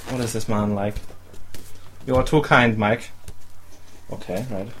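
A man's voice: fairly low pitch, fairly even intonation, unhurried, a little hiss or hum. A young man, hosting a casual chat show and joking with the listeners. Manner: chatty, joking, talks to the audience. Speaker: podcast host.

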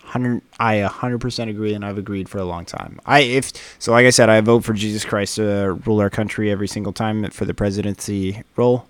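A man's voice: fairly low pitch, little pitch movement, fairly quick, few pauses, clear, resonant tone, no room sound. A man co-hosting a casual podcast, ranting in a heated way and swearing freely. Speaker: podcast co-host.

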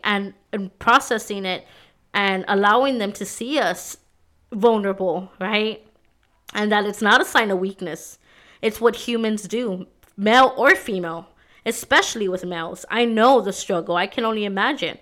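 A woman's voice: mid-range voice, fairly bright tone. Heartfelt woman podcast host. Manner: heartfelt, conversational, many fillers like "you know" and "right". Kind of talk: casual personal reflection.

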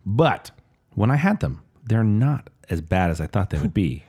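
Lowish-voiced podcast dude, laid back, rambles through little stories. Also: male voice, sing-song, moderate pace, a little mellow, husky. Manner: easygoing, rambling anecdotes. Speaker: podcast co-host. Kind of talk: casual chat.

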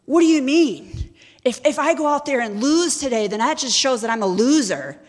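A woman's voice: high voice, lively intonation, normal speed, voice pushed up. An earnest young knight in love as a woman preacher puts him on, pressing his case in a slightly raised voice. His words carry the long reverb of a big hall. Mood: protesting.

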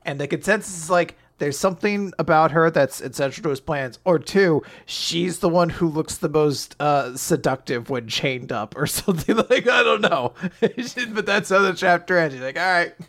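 A man's voice: on the high side, normal speed, a bit bright. A man co-hosting a podcast, casually recapping a manga chapter, laughing and joking as he acts out lines. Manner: laughing, joking, acting out quotes. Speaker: podcast co-host.

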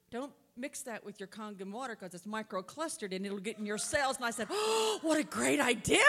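A woman's voice: medium pitch, a bit bright. A woman speaks at a church conference in a folksy, storytelling way. Her voice has a long reverb from the large hall. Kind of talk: testimony and church talk. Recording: echoey hall.

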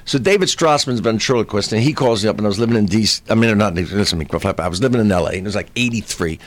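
A man in his sixties, a comedian, telling a comic anecdote in an animated way. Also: fairly low pitch, fast. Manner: animated storyteller, acting out voices. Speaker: comedian guest.

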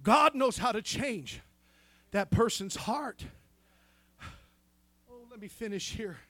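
A man preaching a Pentecostal sermon in church, swinging between fervent shouting and hushed intimacy, with cries of hallelujah and amen. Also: sits high, expressive, slow pace, no echo.

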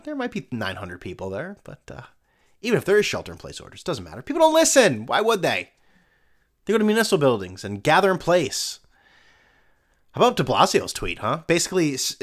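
A middle-aged man hosting a casual solo podcast, rambling and sarcastic, putting himself down. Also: mid-range voice. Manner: sarcastic, rambling, self-mocking. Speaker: podcast host.

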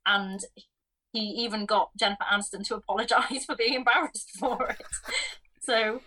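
Bright, giggly woman podcaster. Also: fairly high pitch, fairly even intonation, normal speed, rough recording. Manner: cheerful, giggly. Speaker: podcast co-host. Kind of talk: casual film chat.

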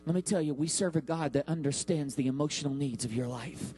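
A man in his thirties preaching a sermon as pastor, with dramatic pauses and acted-out quotes. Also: a little high, mellow, rough recording. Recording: mains hum.

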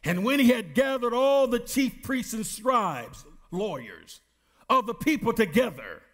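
High-voiced preacher, slow and lively. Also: male voice. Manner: preaching with call-and-response questions to the congregation; reads scripture slowly with emphasis. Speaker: pastor. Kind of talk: sermon.

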